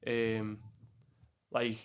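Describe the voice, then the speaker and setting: A man's voice: on the low side, monotone, drawn-out words, a little hiss or hum. A man with a Liverpool accent, a podcast guest telling stories in casual chat, swearing freely and calling everyone "lad". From Bootle, England. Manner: swears a lot, keeps saying "lad". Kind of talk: casual storytelling.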